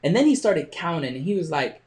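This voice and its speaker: A man hosting a podcast, telling a motivational story with frequent pauses and restarts. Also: a little high, sing-song, darkish tone. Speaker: podcast host.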